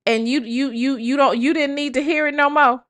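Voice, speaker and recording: A woman's voice: sits high, fairly even intonation, fairly quick, fairly bright tone. A woman commenting on a call recording, sassy and mocking, piling on rhetorical questions. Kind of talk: comedic commentary.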